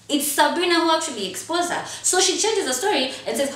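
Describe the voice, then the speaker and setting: A young woman, giving an animated, gossipy casual recap as a vlogger. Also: sits high, quick pace, hardly any pauses. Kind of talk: casual reality-show recap. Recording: echoey room, far from mic.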